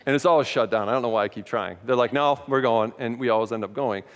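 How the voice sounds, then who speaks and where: A man's voice: on the low side, very fast. A man preaching a sermon as a pastor, telling stories in a candid, self-mocking way. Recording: long hall reverb.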